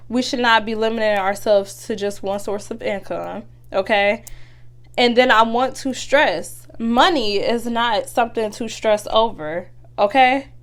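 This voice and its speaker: A young woman talks casually and earnestly, full of fillers and restarts. Her voice sits a little high. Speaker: podcast host. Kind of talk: casual motivational talk.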